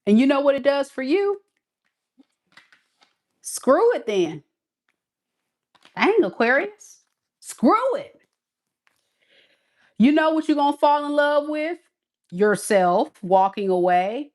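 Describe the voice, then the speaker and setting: A woman reading tarot in a sassy, emphatic way, talking right to the viewer. She takes her time, drawing words out at an unhurried pace. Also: sits high, big pitch swings, darkish tone. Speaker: tarot reader.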